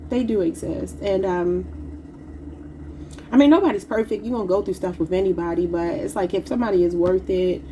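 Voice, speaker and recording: A woman's voice: mid-range voice, dark tone, slight background noise, rough recording. A woman giving a casual tarot reading, talking informally to her viewers and calling them y'all. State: slightly sick and emotional. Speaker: tarot reader.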